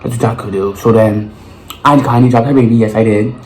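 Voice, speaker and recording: A young man, lively and foul-mouthed as he spins a storytime tale. His voice sits a bit low. It sounds a little roomy, with a faint hiss underneath. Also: brisk. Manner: animated, profane storytelling with lots of slang. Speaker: vlogger. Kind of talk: storytime monologue.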